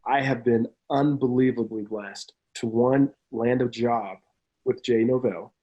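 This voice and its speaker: A man in his thirties, a football coach and pastor, telling his story in an energetic interview, speeding up in quick bursts. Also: mid-range voice, dull audio. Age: 30s. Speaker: college football analyst and pastor. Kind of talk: remote interview.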